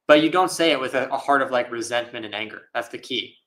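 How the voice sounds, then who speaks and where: Monk guy answering questions live, bright voice, laid back, lots of you knows and little laughs. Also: mid-range voice, fast, rough recording. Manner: casual, thoughtful, laughs often, many fillers. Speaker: Buddhist monk. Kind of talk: live Q&A dharma talk.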